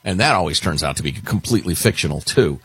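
A man's voice: deep voice, animated, quick pace, a bit bright, husky, dry recording. A man hosting a political talk radio show, chatting casually with a wry, sardonic edge.

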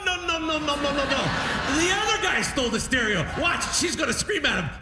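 A cranky, stubborn old immigrant dad who repeats himself over and over in an exasperated, high-pitched whine, as his son the comedian puts him on. He sounds indignant and quick to protest. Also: lively intonation, roomy sound, a loud crowd, very noisy. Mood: insistent.

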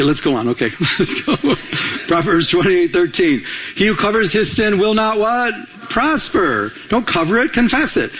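Animated high-voiced male pastor preaching. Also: a little hiss or hum. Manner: animated, acts out quoted dialogue, frequent repetitions. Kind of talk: sermon.

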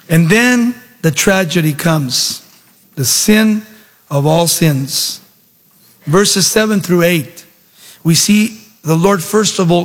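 A man preaching a sermon, with animated, sing-song emphasis and dramatic storytelling, in a church hall. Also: high-pitched. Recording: long reverb of a large hall.

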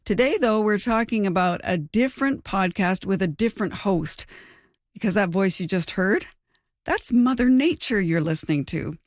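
A woman hosting an interview podcast, presenting in a clear, conversational way. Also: mid-range voice, expressive, normal speed, no echo, studio quality. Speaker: podcast host.

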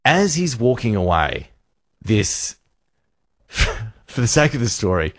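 A man with an Australian accent, hosting a radio show and telling a story in lively banter. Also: fairly low pitch, takes it slowly, no room sound, studio quality. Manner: animated storytelling, acting out voices. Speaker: radio host.

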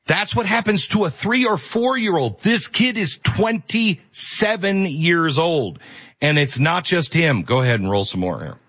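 A man's voice: a little high, expressive, unhurried, fairly bright tone, dull audio. A male host giving earnest, emphatic opinion commentary.

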